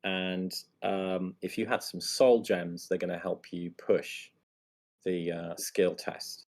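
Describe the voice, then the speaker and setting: Deep gravelly man explaining a board game. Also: slow. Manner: thinks aloud, steady rules explanations. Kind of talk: explaining a tabletop game while playing.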